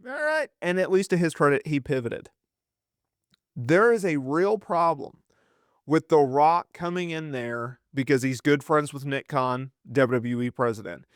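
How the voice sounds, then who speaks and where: A man giving opinionated wrestling news commentary, animated and sarcastic, often acting out quotes in mock voices. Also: fairly high pitch, moderate pace, clean tone, no echo, clean studio sound.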